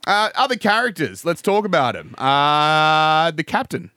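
A man, co-hosting a comedy podcast in animated, giggly banter. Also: fairly high pitch, unhurried, dry recording, studio quality. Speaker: podcast co-host. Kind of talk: casual comedic chat.

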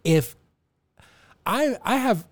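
A middle-aged man co-hosting a podcast in casual chat, telling stories with quick self-deprecating asides. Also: high-pitched, expressive, dry recording. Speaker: podcast co-host.

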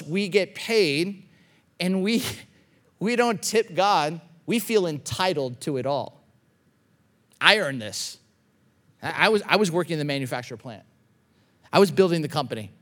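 A man preaching a sermon in a conversational way, repeating phrases and acting out quoted inner thoughts. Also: high-pitched. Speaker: pastor.

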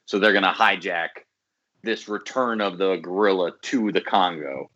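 A man's voice: sits low, moderate pace, pushed and bright, muffled recording. A man co-hosting a podcast, talking about a movie in casual chat, emphatic and opinionated, with some swearing. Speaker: podcast co-host.

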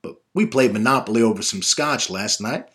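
A man voicing his father, a boisterous, gruff middle-aged dad who talks loud and excited. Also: medium pitch, moderate pace, voice pushed up, close to an everyday voice. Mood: boastful.

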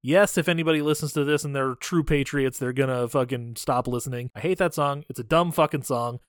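Casual podcast co-host, thirties, swears a lot, opinionated rants, mid-pitched, dry mic. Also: male voice, a little fast, clear, resonant tone, no echo. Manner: profane, ranting, opinionated. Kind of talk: casual movie chat.

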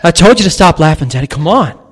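A man's voice: fairly high pitch, sing-song, quick pace. A man doing a comic impression of a swaggering middle-aged Irish rock star with an Irish accent, rambling and swearing. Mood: boastful.

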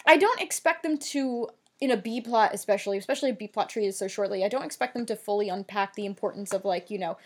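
A woman co-hosting a casual TV recap podcast, talking in an animated way with frequent swearing and filler words. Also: mid-range voice, fast, few pauses, slightly rough. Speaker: podcast co-host.

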